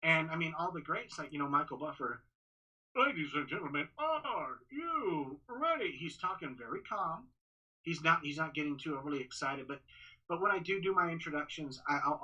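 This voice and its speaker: A man, a ring announcer, talking casually on a podcast in a halting way with many restarts. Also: fairly high pitch, bright, forceful tone, poor audio. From Texas. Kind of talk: casual interview talk.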